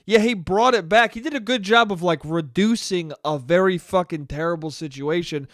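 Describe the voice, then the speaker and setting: A man's voice: high voice, normal speed, a bit bright, dry recording. A man hosting a casual comedic podcast monologue, talking in a rambling, profane, self-deprecating way into a close mic. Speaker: podcast host.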